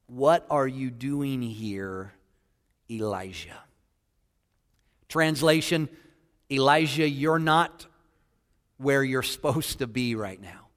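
A pastor preaching a sermon with passion, sinking into hushed tones and then building to emphatic points, and asking the congregation questions. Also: male voice, mid-range voice, long reverb tail.

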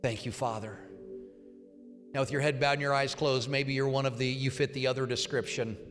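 A man preaching as a pastor, giving an altar call and leading a loud, fervent prayer in a church. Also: medium pitch, completely flat delivery, quick pace. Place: church sanctuary. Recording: reverberant hall with faint music.

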